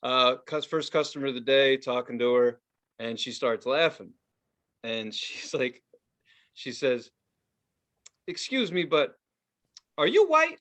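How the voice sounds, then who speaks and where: A man's voice: medium pitch, measured pace, long pauses. A man co-hosting a casual podcast, telling a work story and acting out every quote with lots of laughter. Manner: animated storyteller, acts out quotes, laughs often. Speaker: podcast co-host.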